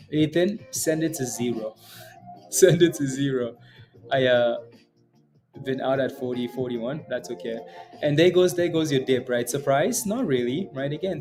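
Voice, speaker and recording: A man's voice: on the high side, dark tone. A man hosting a live day-trading stream, chatting and joking over stock charts and tagging "right?" onto many lines. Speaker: day trading livestream host.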